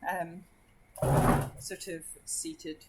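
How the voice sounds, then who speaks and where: A woman's voice: fairly low pitch, little pitch movement, extremely slow, heavy background noise. A woman playing a tabletop game, chatting casually, laughing often and describing her character's actions. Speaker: player.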